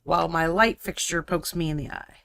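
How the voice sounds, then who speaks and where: A woman's voice: lowish voice, normal speed, fairly bright tone, a little hiss or hum. A woman painting miniatures on a live stream, chatting playfully and muttering to herself as she works. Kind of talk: casual chat while painting.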